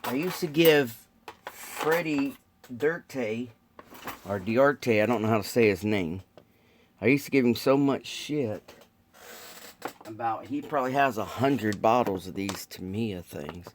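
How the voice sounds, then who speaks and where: A man with a mid-range voice speaks slowly over a faint hiss or hum. He's a model car builder streaming live, chatting casually with viewers as he builds, rambling in a laid-back way with plenty of ums.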